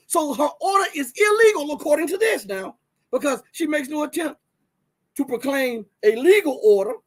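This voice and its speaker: This very high-pitched man speaks at a moderate pace with a Southern US accent while hosting a casual livestream. He's animated, addresses his viewers directly, and reads from his screen, restarting often and using lots of fillers.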